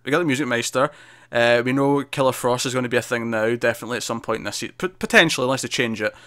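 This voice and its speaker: A man co-hosting a TV review show, chatting casually in a quick, animated way with frequent restarts. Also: medium pitch, dry recording, clean studio sound. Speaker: TV review podcast co-host. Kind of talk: casual chat.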